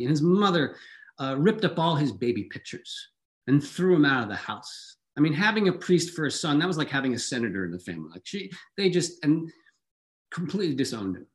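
A man voicing his mother, a former nun, explaining things in a brisk, candid way. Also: fairly high pitch.

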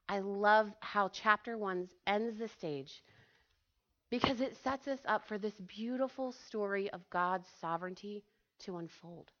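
A woman giving a casual, animated sermon to a church group, chatty and full of fillers, often asking her listeners questions. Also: mid-range voice. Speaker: church speaker. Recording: dull lo-fi recording.

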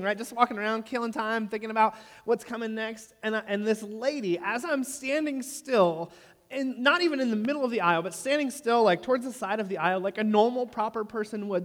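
A man in his thirties preaching a sermon, telling a story with humor and often checking in with "right?". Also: sits high. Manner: animated, jokey storyteller who asks the room "right?". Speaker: pastor. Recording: long reverb of a large hall.

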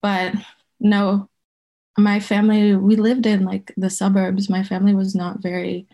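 A woman's voice: medium pitch, completely flat delivery, measured pace, warm tone. A woman in her thirties from Zimbabwe, telling personal stories casually and rambling with many fillers. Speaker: guest herbalist. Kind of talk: casual storytelling.

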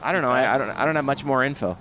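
A man's voice: medium pitch, sharp tone, slight background noise. A man co-hosting a podcast, chatting casually and jokily as he walks along a busy city street. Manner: jokey, quick to object. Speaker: podcast co-host.

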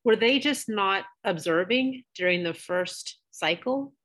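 A woman's voice: medium pitch, expressive, unhurried, fairly bright tone. A woman co-hosting a podcast, asking questions and laughing lightly between remarks. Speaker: podcast co-host. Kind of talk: casual chat.

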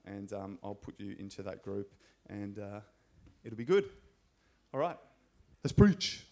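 Australian male preacher, casual and upbeat, tells school stories from the pulpit. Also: medium pitch. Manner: enthusiastic, chatty storyteller. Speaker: pastor and school scripture teacher. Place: church.

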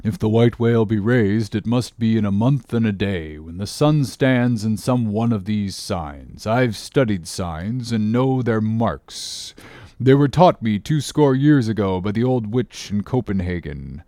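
A man voicing an obsessive, brooding old sea captain in an audiobook, declaiming slowly and solemnly. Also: on the low side, lively intonation, warm tone, no room sound, clean studio sound. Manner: slow, heavy, solemn declaiming. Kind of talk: audiobook character reading.

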